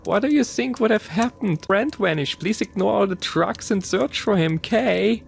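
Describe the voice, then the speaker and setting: Male narrator voicing a young woman, drug user, shrill and mocking, rambles. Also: lively intonation, moderate pace, creaky, a little hiss or hum, heavily acted.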